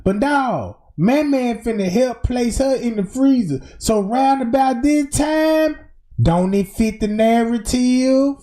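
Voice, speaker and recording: Slow emphatic man narrating footage. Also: extremely high pitch, animated, dark tone. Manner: emphatic, slangy, pointing things out. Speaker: commentator walking through footage. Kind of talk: casual commentary over video.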